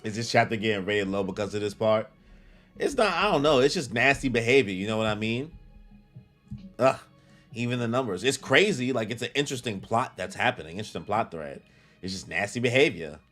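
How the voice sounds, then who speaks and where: A man's voice: on the low side, animated, fairly quick, fairly bright tone, soft background music. A young man reacting live to a comic chapter, exclaiming and swearing casually with lots of slang. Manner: exclaiming, crude slang, says "bro" a lot. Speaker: manga reaction streamer. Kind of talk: live reaction commentary while reading.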